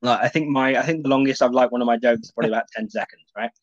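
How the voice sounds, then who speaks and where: A man's voice: mid-range voice, racing, no echo. A man, a stand-up comedian chatting as a podcast guest, rambling with lots of restarts and swearing. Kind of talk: casual podcast chat. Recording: muffled dry lo-fi audio.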